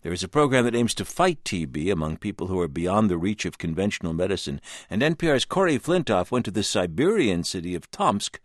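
A male news anchor giving a crisp, authoritative scripted introduction. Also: deep voice, very animated, brisk, few pauses, no echo, studio quality.

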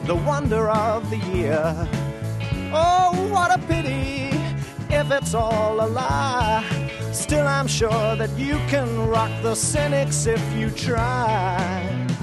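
Smug sneering king herod, slow drawled lines over a loud band. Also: high voice, expressive, over loud music. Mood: mocking. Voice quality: taunting, sing-song. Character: mocking King Herod, smug male ruler. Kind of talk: rock musical singing. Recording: cast album with loud band.

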